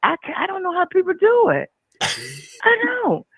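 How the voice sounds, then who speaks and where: A woman's voice: very high voice, wildly swooping pitch, moderate pace, no room sound. Effusive woman in her sixties on a tinny phone line. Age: 60s. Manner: effusive, laughs often, folksy. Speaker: caller. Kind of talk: casual call-in chat.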